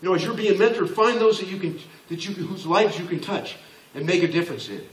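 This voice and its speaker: This is a fast, high-pitched male voice belonging to a man in his sixties. Before an audience in a large hall, he gives a blunt business talk laced with jokes, acting out quoted voices. The mic sits far from him, so the hall's echo comes through.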